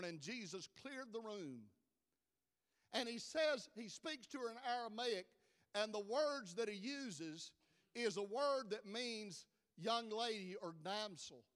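Preacher man, high bright clear voice, dramatic builds. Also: in a large hall. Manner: preaching with dramatic rises in volume. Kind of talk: sermon.

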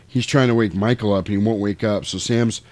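A man's voice: on the low side, brisk, no echo. A man in casual chat, telling a movie plot scene by scene, acting out the quotes and swearing freely. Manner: animated storytelling, acts out quotes, swears freely.

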